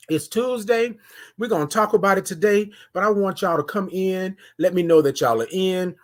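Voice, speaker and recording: A woman's voice: sits low, moderate pace. A woman hosting a live morning show, greeting viewers in a sing-song way and stretching out her words. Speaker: host.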